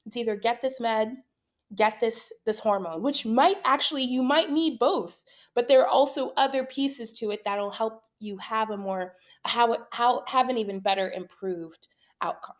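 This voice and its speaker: Thoughtful woman podcast guest. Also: fairly high pitch. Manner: measured, thoughtful explaining. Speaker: guest expert. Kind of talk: podcast interview.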